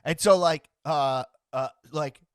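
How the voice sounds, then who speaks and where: On his casual talk show podcast, a male host rambles with frequent restarts and stammers, mimicking other people's voices partway through sentences. He speaks slowly in a voice on the high side, recorded in clean studio sound with no echo.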